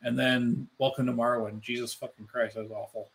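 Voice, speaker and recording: A man co-hosting a casual podcast chat, animated and loose, full of "like" fillers and swearing. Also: mid-range voice, fairly quick, vocal fry. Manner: animated, swearing, many "like" fillers, mimics voices. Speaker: podcast co-host.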